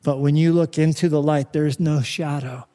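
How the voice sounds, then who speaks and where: A man preaching a fervent sermon as pastor. He repeats phrases for emphasis and swings from loud to hushed. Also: fairly high pitch, steady tone, moderate pace, in a large hall. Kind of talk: impassioned sermon.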